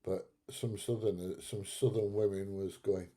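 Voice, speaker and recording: A Northern English man chats through a livestream, answering comments bluntly with frequent laughs. His voice is very dark and mellow and fairly low. He talks at an unhurried, slow pace. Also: steady tone. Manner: blunt, chatty, laughs often. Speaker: livestream host. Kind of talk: casual livestream chat reading comments.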